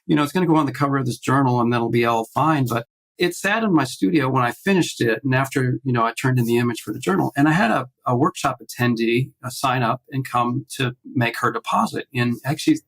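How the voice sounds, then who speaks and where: A man's voice: medium pitch, quick pace, gravelly, low-quality recording. A man guest on a video call, telling a personal story in casual conversation and acting out the voices in it. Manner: animated storyteller acting out quotes, many restarts. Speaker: podcast guest, artist.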